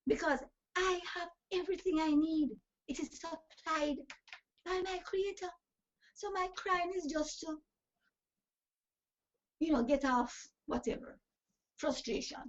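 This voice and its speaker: A woman's voice: extremely high pitch, unhurried, long pauses. A woman giving an emphatic, preachy motivational talk full of scripture phrases. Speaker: talk show host and life coach. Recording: dull lo-fi recording.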